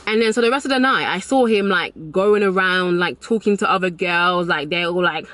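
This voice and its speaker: A woman's voice: lowish voice, a little fast, few pauses. A young woman giving dating advice in a casual vlog, emphatic and repeating key lines for effect. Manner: storytelling with animated retold dialogue.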